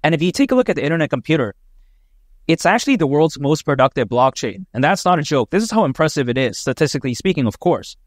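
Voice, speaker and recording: A man's voice: on the high side, very animated, fast, no echo, studio quality. A man hosting his own crypto vlog, talking in a chatty, emphatic way with lots of "you know". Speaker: crypto channel host. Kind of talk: casual opinion vlog.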